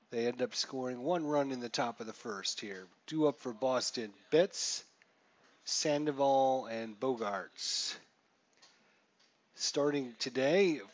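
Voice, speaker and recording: Male streamer, casual commentary, stat-heavy, mid pitch. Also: highs cut off. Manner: chatty, reels off stats, rises for big plays. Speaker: streamer playing a baseball simulation.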